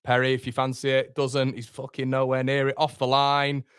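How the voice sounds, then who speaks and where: Exasperated football fan. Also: male voice, medium pitch, monotone, moderate pace, clean tone, no room sound, clean studio sound. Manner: anxious, exasperated, swearing, rising to shouts at the keeper. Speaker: fan watchalong host. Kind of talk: live football fan commentary.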